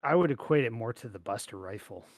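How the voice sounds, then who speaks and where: A man co-hosting a casual podcast chat over a video call, talking in an animated, jokey way. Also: medium pitch, fast talker, no room sound. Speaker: podcast co-host.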